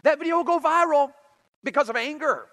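Middle-aged male preacher, lively storyteller, higher voice, big loud-soft swings. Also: fairly quick, rough recording. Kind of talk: sermon.

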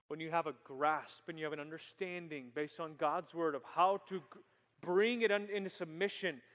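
A man preaches to young people with an animated delivery, pushing hard on key phrases and then dropping into quiet asides. His voice sits a little on the higher side. It rings with long reverb through a church hall. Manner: animated, swings from loud emphasis to quiet asides. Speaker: youth pastor. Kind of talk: sermon.

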